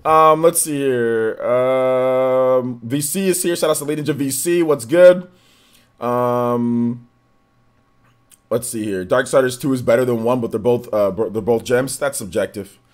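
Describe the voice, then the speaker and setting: A man streaming a game, chatting casually and giving shout-outs to viewers, his voice a little worn and still recovering. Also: medium pitch, a little slow. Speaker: gaming streamer. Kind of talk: live stream chat, greeting viewers.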